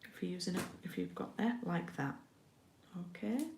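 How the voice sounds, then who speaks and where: A woman's voice: lowish voice, moderate pace, gravelly, echoey room, noisy background. A middle-aged woman from the UK giving a casual card-making tutorial, chatty and often checking in with her viewers.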